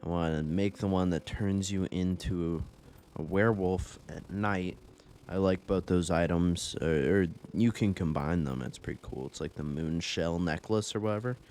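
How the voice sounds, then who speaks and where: A man's voice: low-pitched, moderate pace, darkish tone, a little hiss or hum. A young man rambling through casual gameplay commentary, laid-back and profane, often laughing at his own stories. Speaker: gaming YouTuber.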